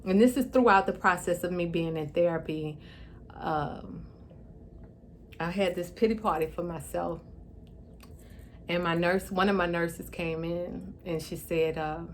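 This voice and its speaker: This is emotional personal storytelling from a woman vlogger whose fairly low voice is slightly affected by a stroke. She speaks tearfully and from the heart, pausing to steady herself, over slight background noise.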